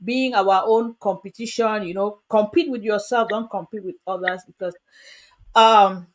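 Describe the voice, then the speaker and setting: A woman hosting a livestream chat, lively and speaking straight to her viewers. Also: medium pitch, normal speed. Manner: lively, addresses viewers directly. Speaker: host.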